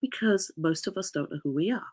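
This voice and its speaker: A woman's voice: mid-range voice, animated, a little fast, darkish tone, breathy edge. A woman life coach in casual podcast chat, nasal and congested from a cough, rambling and laughing often.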